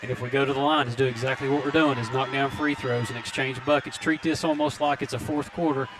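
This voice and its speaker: A man gives color commentary courtside, breaking the game down the way a coach would and urging the team on. He talks quickly in a middle-pitched voice. Clear game noise from the gym sits under his words. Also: steady tone. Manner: coaching-style remarks, urges players on. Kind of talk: live basketball color commentary. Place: high school gym, courtside broadcast. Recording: noisy courtside gym recording.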